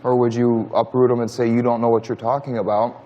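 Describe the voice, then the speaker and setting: A man in his thirties, a talk show guest answering questions in a halting, defensive way with many restarts. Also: mid-range voice, little pitch movement, muffled recording. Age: 30s. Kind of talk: studio interview answers.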